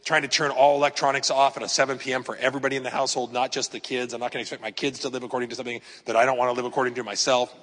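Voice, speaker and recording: Racing along with hardly any pauses, a pastor in his fifties preaches in a medium-pitched, level, fairly bright voice. His emphatic, chatty sermon leans on personal stories and rhetorical questions, and the recording carries long hall reverb.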